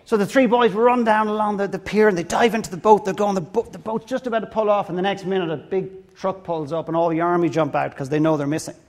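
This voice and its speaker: Fast, high-voiced Irish man telling a joke. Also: fairly even intonation, in a large hall. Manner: rambling, self-deprecating, restarts words often. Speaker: guest speaker at a fundraising gala. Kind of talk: storytelling a joke on stage.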